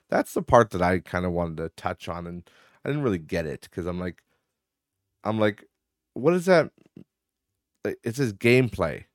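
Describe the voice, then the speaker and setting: A man's voice: deep voice, dry recording, clean studio sound. A man hosting a podcast in casual rambling chat, swearing and laughing often, sounding tired. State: tired, yawning. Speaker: podcast host.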